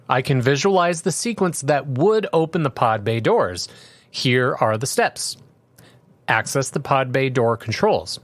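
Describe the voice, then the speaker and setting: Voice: medium pitch, no echo. A voice playing a chipper rambling chatbot AI. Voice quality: chipper, rambling, boilerplate helpfulness. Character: overly polite chatbot AI, cheerful and unhelpful. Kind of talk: comedic reading of chatbot replies.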